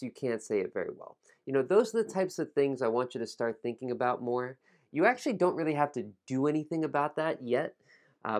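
A man leads a pronunciation lesson at a middle pitch. He models words slowly and deliberately, then drops into relaxed, casual explanations between the drills. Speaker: English pronunciation teacher.

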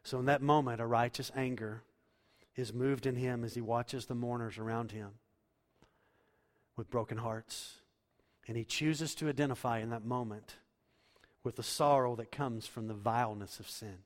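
A man preaching a sermon as pastor, swinging from loud, emphatic lines to hushed, quiet ones. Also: mid-range voice, steady tone, moderate pace. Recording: long hall reverb.

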